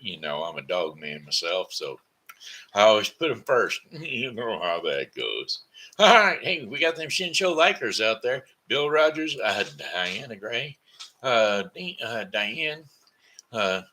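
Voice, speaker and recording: A man's voice: lowish voice, bright, forceful tone. A man hosting a casual live stream, folksy and rambling with sing-song asides. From Missouri. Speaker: host.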